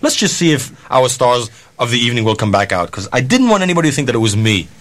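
Speaking fast in a mid-range voice, a man who promotes concerts launches into a storytelling anecdote full of swearing. He's animated and voices the dialogue himself.

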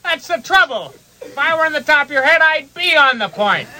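A man's voice: extremely high pitch, expressive, a little fast, bright, forceful tone, slight background noise, full character voice. A man voicing a touchy, wall-eyed male heckler who trades puns in a radio comedy sketch. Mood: needling. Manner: heckling, punning.

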